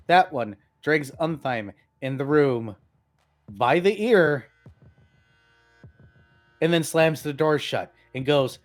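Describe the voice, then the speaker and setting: A male game master narrating a tabletop game in a lively, storytelling voice. His pitch rises and falls widely as he describes the action. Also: takes it slowly, long pauses, faint music behind. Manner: animated storytelling.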